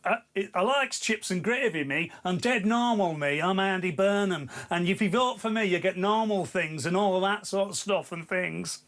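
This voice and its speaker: A man's voice: high voice, moderate pace, hardly any pauses, fairly bright tone. A man doing a dopey northern everyman. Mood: smug. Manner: plodding, self-satisfied.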